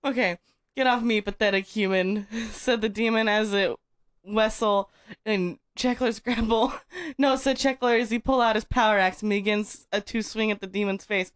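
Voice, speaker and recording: A woman's voice: medium pitch, steady tone, normal speed, smooth. A woman co-hosting a comedy podcast, reading a story aloud and breaking into laughter all the time. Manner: laughs constantly while reading.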